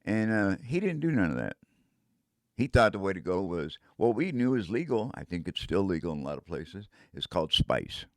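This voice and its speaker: A man's voice: deep voice, sing-song, normal speed, no room sound, studio quality. An older man telling a casual first-person story in a rambling way, breaking into vocal sound effects.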